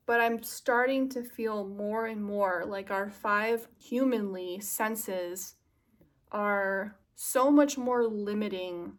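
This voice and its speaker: A young woman vlogger chatting casually to the camera, confiding and self-mocking, drifting into earnest musing. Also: medium pitch.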